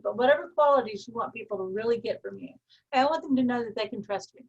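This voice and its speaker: A woman with a Texas twang leads a personal growth coaching call over video. Her voice sits a touch high, and she speaks in a loose, riffing way with deadpan humor and easy laughs. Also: fast, vocal fry, breathy edge, lo-fi sound.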